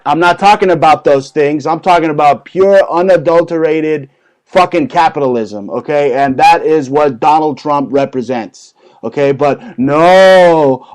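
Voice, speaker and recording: A male host rants in a combative, profane way, stopping to jab "okay?" and "right?" at listeners. His voice sits a bit high for a man. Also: darkish tone. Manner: profane, combative rant with constant "okay?" tags. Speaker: show host. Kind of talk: satirical ranting chat.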